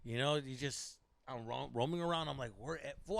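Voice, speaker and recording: A man telling a story on a podcast, animated, swearing often and mixing slang into his English. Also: medium pitch, brisk, vocal fry, no echo. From Mexico. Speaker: podcast co-host. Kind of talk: casual storytelling chat.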